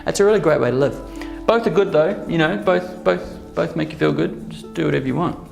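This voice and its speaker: A man leads a relaxed workshop, his fairly high voice carrying a gravelly edge. He keeps checking in with the group through quick tag questions. The recording sounds roomy and echoey, with faint music underneath. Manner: chatty, checks in with the group using frequent "okay?" and "right?". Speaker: workshop presenter. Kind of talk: casual workshop talk to a live group.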